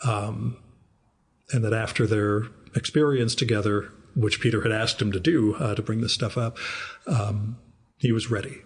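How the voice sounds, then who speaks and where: A man's voice: on the low side, fairly even intonation, moderate pace, slightly rough. A man in his fifties hosting a podcast, telling rambling, wry anecdotes in a casual interview. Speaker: podcast host.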